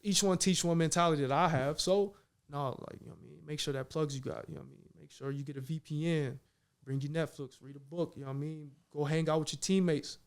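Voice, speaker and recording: A fairly high-pitched man in his thirties, a pro basketball player from Minnesota, chats as a guest on a casual talk show. He tells animated stories in loose slang and keeps checking in with "you know what I mean.". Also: fast talker. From Minnesota, United States. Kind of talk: casual conversation.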